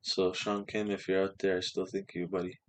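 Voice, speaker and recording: Young male podcast guest, low-pitched, animated profane storyteller. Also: a little fast. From Canada. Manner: swearing, animated anecdote with quoted voices. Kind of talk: casual storytelling.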